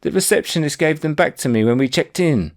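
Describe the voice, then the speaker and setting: A woman's voice: sits low, expressive, fairly quick, a little mellow, pitched above the performer's own voice. A man voicing his girlfriend as a flustered, sheepish young woman who stammers. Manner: hesitant, stammering.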